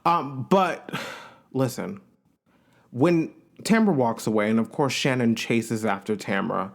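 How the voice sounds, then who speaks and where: A man's voice: medium pitch, slow, creaky. A man hosting a podcast, giving a casual, opinionated recap of a reality show and acting out quotes in changing voices.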